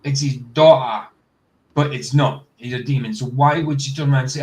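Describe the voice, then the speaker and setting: A man's voice: medium pitch, moderate pace, darkish tone, rough recording. A man hosting a casual reaction stream, bluntly skeptical and firing off rhetorical questions. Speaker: host.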